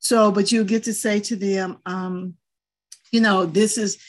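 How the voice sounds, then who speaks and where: A woman's voice: mid-range voice, steady tone, measured pace. An older woman and grandmother, speaking in a firm, earnest way in a group discussion and telling stories from home. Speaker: panelist. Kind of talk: casual discussion.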